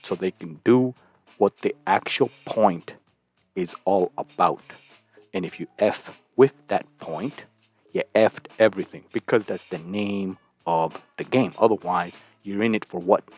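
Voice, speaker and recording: A man's voice: low-pitched, unhurried, a little mellow, faint music behind. A man hosting his channel and giving blunt, crude reaction commentary on clips, often tossing in a rhetorical "right?".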